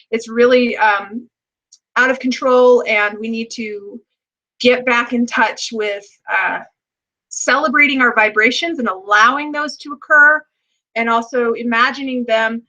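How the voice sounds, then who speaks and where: A young adult woman hosts a spiritual healing show, her tone bright and her voice a bit high. She talks in an earnest, emotional way with plenty of fillers. She guides her listeners gently through a meditation. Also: low-quality recording. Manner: slow, deliberate chanting of number codes. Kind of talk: guided meditation and casual talk.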